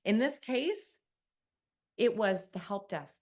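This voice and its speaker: A woman's voice: mid-range voice, slow. A middle-aged woman from Canada giving a conference keynote, telling stories with energy and quizzing her audience. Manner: lively storytelling, asks the audience questions. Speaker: keynote speaker. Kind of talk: conference talk.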